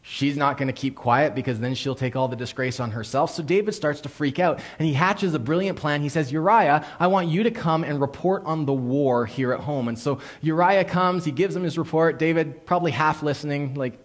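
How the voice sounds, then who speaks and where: A man preaching a sermon as a pastor, telling the story in an animated way, acting out quotes and dropping suddenly to a hush. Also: a little high, fairly quick, few pauses.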